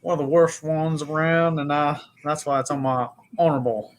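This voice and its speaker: A man's voice: a little high, fairly even intonation, normal speed. A man co-hosting a podcast in casual chat, loose, profane and joking. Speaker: podcast co-host.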